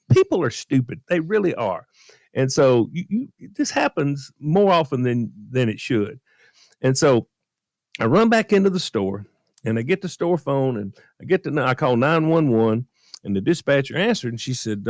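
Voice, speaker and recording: A man's voice: medium pitch, moderate pace, no echo, clean studio sound. A man telling a story in a casual radio podcast chat and acting out the voices of the people in it. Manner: animated storyteller, acts out quoted voices. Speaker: guest storyteller, former beer truck driver.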